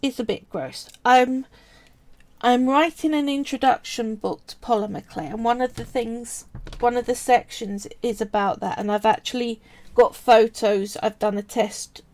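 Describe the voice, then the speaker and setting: A polymer clay artist from England streams live, a woman with a Cockney accent from East London chatting casually as she sculpts and drifts onto tangents while answering viewers. Her voice is fairly high and darkish in tone, and she speaks unhurriedly.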